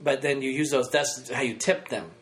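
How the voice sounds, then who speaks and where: A man's voice: mid-range voice, moderate pace, crowd noise. A man hosting a podcast, talking in a loose, rambling, self-mocking way in casual chat. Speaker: podcast host.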